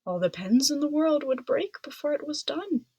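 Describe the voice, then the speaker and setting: A woman's voice: sits high, expressive, moderate pace, a little mellow, dry recording, voice pushed up. A woman voicing an old male poet in a children's storybook read-aloud, earnest and kindly.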